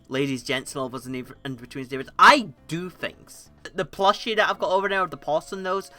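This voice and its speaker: A woman streaming and commenting on memes in casual talk, rambling and animated, laughing often and swearing freely. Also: fairly low pitch. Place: home desk setup.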